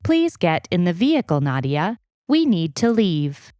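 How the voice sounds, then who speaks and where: A woman's voice: mid-range voice, sing-song, a little mellow, dry recording, studio quality. Polite household robot in a storybook, soothing electronic tone, slightly raised and firm, as a woman reads it. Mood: urgent. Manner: polite, measured. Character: calm household robot caretaker, soothing yet urgent. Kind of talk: audiobook reading.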